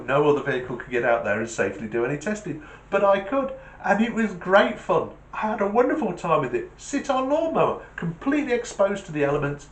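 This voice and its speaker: A man's voice: a little high, reverberant. A man hosting his own vlog, chatting enthusiastically and telling a joke. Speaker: channel host.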